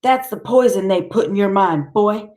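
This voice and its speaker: A woman reading the lines of a cold, menacing father who speaks quietly and condescendingly in an audiobook. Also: medium pitch, lively intonation, normal speed, voice pushed up, natural voice. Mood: cold menace. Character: cold, menacing adult man, a killer father.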